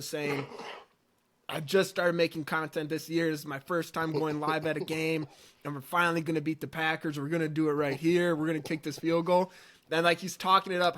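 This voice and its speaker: A man's voice: on the high side, fairly bright tone. A man in a casual sports chat, laid-back, telling stories and laughing along. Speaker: co-host.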